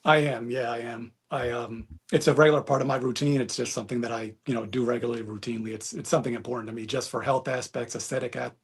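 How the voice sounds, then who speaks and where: A man's voice: mid-range voice, creaky, breathy edge. A man on a dating show, asking earnest questions in casual chat and leaning on fillers like "you know".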